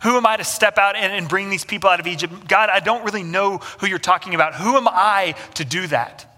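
An anxious, stammering Moses , as a preacher puts him on, protests and pleads in a voice raised higher than the preacher's own. It is bright and edgy, and it rings through a reverberant hall. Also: male voice, fairly quick. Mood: protesting. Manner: stammering, protesting, self-doubting. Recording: echoey hall.

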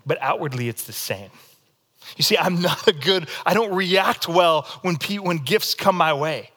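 A pastor delivering a sermon in a bright, ringing voice that sits a little high for a man. He tells his stories in a demonstrative, animated way, in what sounds like a church service. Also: a little fast.

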